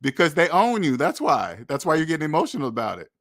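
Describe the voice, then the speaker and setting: A young man delivers blunt money commentary straight to his audience, scolding and preachy, circling back on the same points. His voice sits a little higher than most men's. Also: huge pitch swings, fast talker, a bit bright. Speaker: finance channel host.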